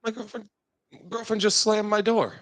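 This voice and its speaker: A man's voice: high-pitched, normal speed. A man who works as a market strategist, trading wry jokes with his co-host on a casual market show. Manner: lively, wry banter.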